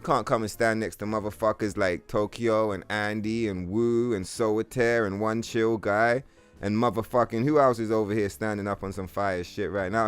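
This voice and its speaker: A man streaming a video game, chatting casually with his viewers in a profane, animated rant. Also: on the low side, clear, resonant tone. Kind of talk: casual live-stream chat.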